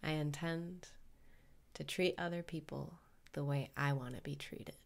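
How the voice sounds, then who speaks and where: A woman leading a guided meditation parody in a soft, calm voice that drifts into whispers. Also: low-pitched, a little slow, vocal fry.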